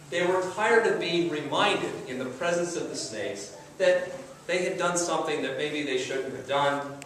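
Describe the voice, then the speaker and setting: A man's voice: a little high, a bit bright. Guy preaching a sermon, chatty storytelling, big echoey church, mic kinda far off. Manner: conversational, storytelling delivery. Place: large echoey church sanctuary. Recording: echoey church recording from afar, faint hiss.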